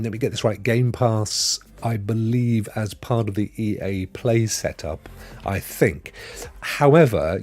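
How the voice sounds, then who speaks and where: A middle-aged man runs a casual live stream, greeting viewers by name and wandering into rambling asides. His pitch is animated and moves a lot. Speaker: livestream host.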